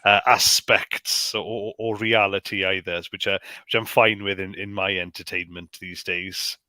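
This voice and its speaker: Halting, bright-voiced man. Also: sits low, little pitch movement, dry recording. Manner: halting, repeats words often. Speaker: podcast co-host. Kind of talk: casual chat.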